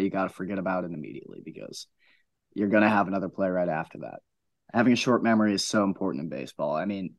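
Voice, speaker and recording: A young man co-hosting a high school sports podcast, talking baseball in a plain, matter-of-fact way. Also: no echo. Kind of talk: casual sports chat.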